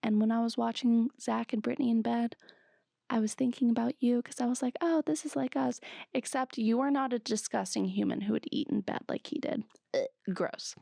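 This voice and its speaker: A young woman with a Southern California Valley accent, hosting a solo podcast recap in chatty, animated talk, swearing freely and jumping between asides. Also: fairly high pitch, fairly quick, gravelly, dry recording, clean studio sound. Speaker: podcast host.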